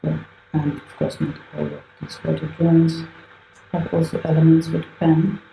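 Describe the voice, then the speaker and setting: A woman speaks at normal speed in a low, mellow voice with vocal fry and little pitch movement, with faint music behind her. She's an artist live-streaming a drawing session in an art gallery, casually thinking aloud, correcting herself and laughing often. The room echoes and has faint ambient noise.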